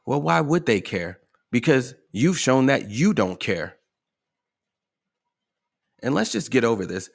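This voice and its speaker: A podcast host delivers motivational talk emphatically, putting rhetorical questions to his listeners. His medium-pitched voice swings widely in pitch, sounds creaky, and moves unhurriedly with frequent pauses.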